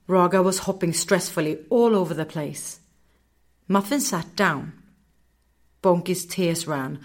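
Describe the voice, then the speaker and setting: Woman, storybook narration, gentle, slow, expressive. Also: lowish voice.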